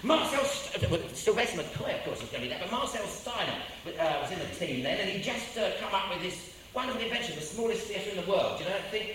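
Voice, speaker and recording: Animated English storyteller in echoey room. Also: male voice, sits high, fast talker, few pauses. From England. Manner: rambling, animated, with self-repeats and impressions. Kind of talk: anecdotal storytelling. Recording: very echoey room, distant mic, ambient noise.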